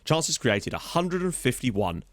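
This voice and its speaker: A man's voice: medium pitch, sing-song, unhurried, no room sound, clean studio sound. A man hosting a football management game let's play, chatting casually and thinking aloud as he reads through stats, easily amazed.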